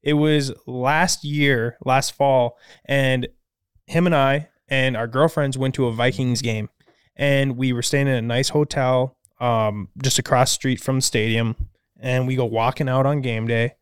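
Smooth-voiced young Midwestern man telling stories. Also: medium pitch, steady tone, measured pace, no echo, studio quality. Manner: storytelling, laughs often, swears casually. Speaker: podcast co-host. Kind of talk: casual chat.

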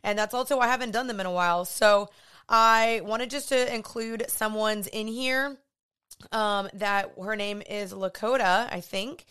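A woman's voice: mid-range voice, fairly even intonation, measured pace, fairly bright tone, smooth. A woman, hosting a podcast in a chatty, earnest way. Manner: chatty, earnest, uses y'all and like. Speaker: podcast host. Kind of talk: casual podcast talk.

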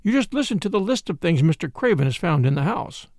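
A man's voice: high voice, big pitch swings, fast talker, darkish tone, no room sound, studio quality. A man voicing a confident former thief turned detective in a storybook reading, speaking in a decisive, matter-of-fact way.

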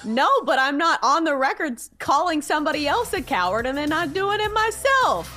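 Female co-host, high and lively, sarcastic, soft music behind. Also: fairly quick. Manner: sarcastic, needling. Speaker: podcast co-host. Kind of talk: sports betting podcast banter.

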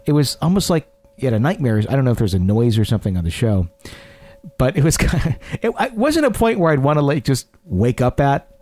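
A man's voice: mid-range voice, sing-song, quick pace, a little mellow, no room sound. A man hosting a podcast, reading listener stories aloud and bantering in a joking, teasing way. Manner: jokey, teasing. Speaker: podcast host.

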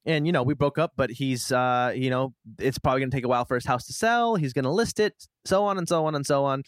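A man casually telling a long personal story as a guest, chatty and animated, acting out what people said. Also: medium pitch, brisk, dry recording. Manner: chatty, animated retelling with quoted asides. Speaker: podcast guest.

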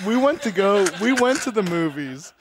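A man's voice: high voice, sing-song, noisy background. A man co-hosting a casual podcast, joking around and getting defensive about his own behavior. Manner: fast-talking, defensive, joking. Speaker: podcast co-host.

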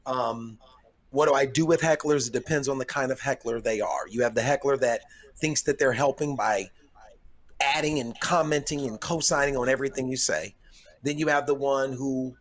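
A man stand-up comedian hosting a podcast, telling stories in a relaxed, casual way. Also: mid-range voice, normal speed. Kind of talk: casual storytelling chat.

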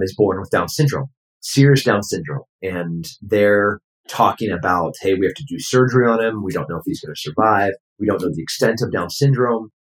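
A man telling personal family stories in a casual, animated way, acting out the people he quotes. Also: on the low side, echoey room, rough recording. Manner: animated, acts out quoted voices. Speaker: guest. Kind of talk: casual storytelling.

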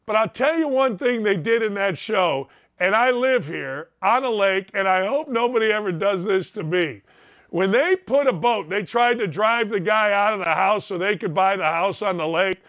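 A man's voice: high-pitched, expressive, moderate pace, dry recording, clean studio sound. A man hosting his own show from home, talking straight to his audience in a casual monologue, emphatic and repeating lines for punch. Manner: emphatic, repeats lines for punch, keeps calling out "ladies and gentlemen". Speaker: show host.

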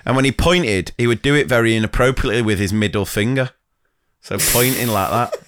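A man's voice: medium pitch, a little fast, a bit bright, clear, resonant tone. A young adult man co-hosting a teachers' podcast, reading listener stories in casual chat and laughing often.

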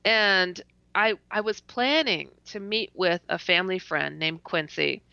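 Gravelly bright woman telling a story. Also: on the low side, measured pace, no echo. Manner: animated, laughs often, stutters and restarts. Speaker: interview guest. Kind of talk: casual personal storytelling. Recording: dull lo-fi dry recording.

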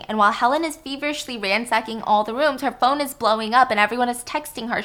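Recounting a film to a friend, a woman acts out the characters' lines and drops to whispers whenever the story gets tense. Her voice sits on the higher side and has a fairly bright tone, giving the recap an animated feel.

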